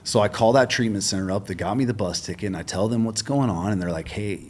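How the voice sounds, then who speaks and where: A man's voice: fairly low pitch, quick pace. A middle-aged man telling his story as a guest in a casual interview, acting out the dialogue and swearing freely. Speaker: podcast guest.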